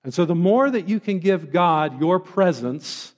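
A man's voice: sits high, lively intonation, measured pace, big-room sound. A man preaching a sermon as a pastor, earnest and pleading, drawing out the words he stresses.

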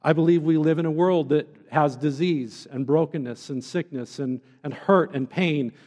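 A male pastor delivers a sermon, earnest and conversational, often checking in with his listeners. His voice sits a little high for a man. A long reverb from a large church hall trails his words. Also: normal speed, mellow. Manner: earnest, conversational, with tag questions.

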